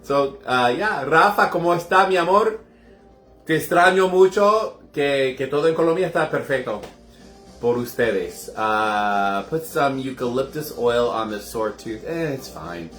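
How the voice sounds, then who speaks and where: A man's voice: mid-range voice, lively intonation, unhurried, fairly bright tone, faint music behind. A man hosting a casual home cocktail show, chatting straight to his viewers. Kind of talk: casual live cocktail demo. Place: indoors at home. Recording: roomy echoey room.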